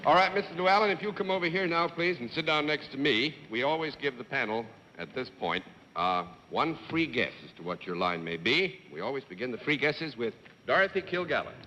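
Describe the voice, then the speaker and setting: Lively bright-voiced man hosting a game show. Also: medium pitch, fairly quick, dull audio, a little hiss or hum. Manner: jovial, chuckling, courtly. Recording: reverberant 1950s TV studio broadcast with faint audience.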